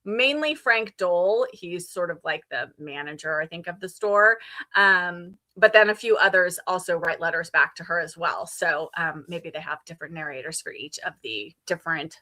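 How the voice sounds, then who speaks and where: Chatty bright-voiced woman host. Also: on the low side, normal speed. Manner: chatty, upbeat, laughs often. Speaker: livestream host. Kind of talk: casual chat.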